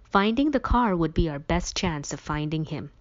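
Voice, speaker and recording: A woman's voice: sits low, expressive, normal speed. A woman voicing an earnest young man who argues urgently and insistently. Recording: dull lo-fi recording.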